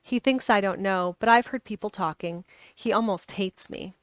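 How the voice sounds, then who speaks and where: A woman's voice: mid-range voice, normal speed, clean tone, no echo, natural voice. A woman reading as a fretful sickly boy. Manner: fretful, complaining. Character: sickly fretful young boy, bedridden and gloomy.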